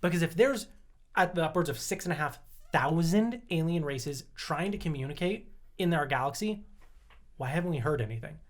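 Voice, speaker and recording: A man's voice: fairly high pitch, expressive, normal speed. A man co-hosting a casual podcast, explaining at length, laughing often and swearing casually. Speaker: podcast co-host. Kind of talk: casual chat.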